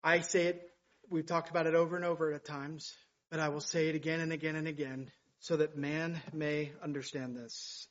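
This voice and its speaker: A man's voice: a little high, little pitch movement, moderate pace, dull audio. A male pastor preaching a sermon, rising to urgent, emphatic passages. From United States.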